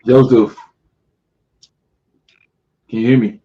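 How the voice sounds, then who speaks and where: A man's voice: mid-range voice, steady tone, takes it slowly. A man co-hosting a livestream, briefly and matter-of-factly calling on a caller. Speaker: co-host screening callers. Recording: dull lo-fi sound.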